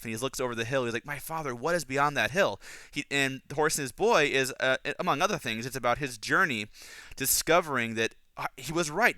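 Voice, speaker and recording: A man hosts a podcast in a bright, crisp, clear voice, talking casually and eagerly through his analysis. He rambles and restarts his sentences often, his enthusiasm carrying him along. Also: medium pitch, no echo. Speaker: podcast host. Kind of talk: casual book and film analysis.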